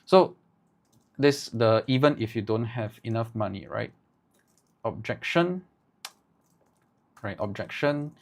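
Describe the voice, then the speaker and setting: A man teaching ad writing live, thinking aloud in halting bursts and tagging his points with "right?". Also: medium pitch, expressive, vocal fry. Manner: halting, with many restarts. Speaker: agency owner teaching ad writing.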